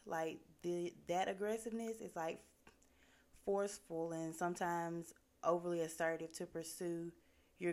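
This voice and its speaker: A woman's voice: lowish voice, a little mellow. A woman giving a casual motivational talk in an earnest, conversational way, with lots of "like" fillers. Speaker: motivational speaker.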